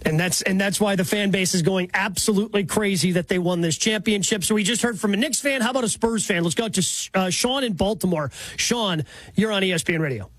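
Radio host guy, high voice, dry close sound, runs the calls. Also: a little fast, a bit bright, dry recording. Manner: reads stats and phone numbers, introduces callers. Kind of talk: sports talk radio.

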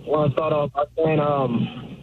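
A man with a fairly high voice calls in, rambling and circling back on his points. The call sounds thin and phone-like with a faint hiss under it. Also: steady tone, moderate pace. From Baltimore area. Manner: rambling, repeats himself, says man a lot. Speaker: caller. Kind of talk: radio call-in. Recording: tinny phone line with faint noise.

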